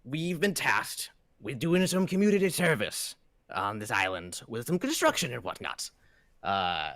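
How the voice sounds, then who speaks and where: A man's voice: medium pitch, fairly bright tone, no room sound. A man voicing a chatty male dwarf foreman who rambles with fillers. His voice sounds close and dry.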